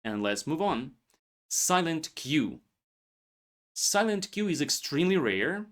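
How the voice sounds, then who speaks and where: A man teaching English pronunciation, saying single words slowly and clearly for learners to repeat. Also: a little high, big pitch swings, a bit bright. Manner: slow, deliberate, stresses single words for repetition. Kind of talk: pronunciation lesson, word drills.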